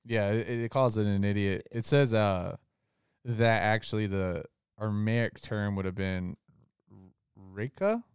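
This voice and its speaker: A low-voiced man joins a casual Bible discussion, agreeing and adding his own points between fillers. His voice is gravelly yet very clear, and the sound is dry and close. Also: steady tone, a little slow, no room sound. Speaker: podcast co-host.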